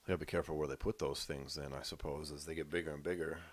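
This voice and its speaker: A man co-hosting a podcast, chatting casually in a rapid, profane, animated way while high. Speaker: podcast co-host. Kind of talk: casual chat.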